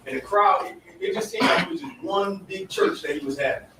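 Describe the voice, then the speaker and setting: A woman's voice: mid-range voice, huge pitch swings, brisk, background noise. A woman, a student, making a tentative point in a class discussion. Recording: echoey room, mic far off.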